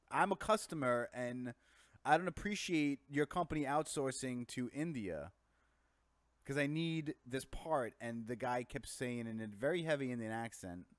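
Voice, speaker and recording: A man's voice: medium pitch, no room sound. A man co-hosts a casual live stream, riffing and playing at being indignant. His voice sits mid-range. The sound is dry and close. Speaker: co-host.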